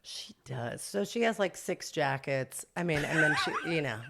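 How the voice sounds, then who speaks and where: Chatty low-voiced middle-aged woman. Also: expressive, moderate pace, gravelly, heavy background noise. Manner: chatty, laughing, self-mocking storyteller. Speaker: boutique owner, podcast guest. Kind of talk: casual interview storytelling.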